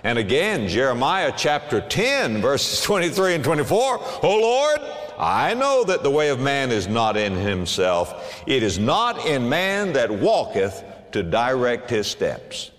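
A man preaching a sermon to a congregation, animated, with big swings and emphatic bursts. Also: mid-range voice, measured pace, few pauses, big-room sound. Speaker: pastor.

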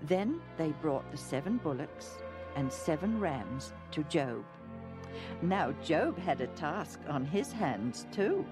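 Woman Bible storyteller, slow, low-ish voice, music bed. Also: very animated. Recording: narration over music.

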